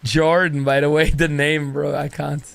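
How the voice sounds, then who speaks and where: Slangy streamer, dry close sound. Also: male voice, a little high, level tone, moderate pace, vocal fry, a bit bright, no echo. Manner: loose, rambling, slangy with "bro". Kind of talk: casual live-stream chat.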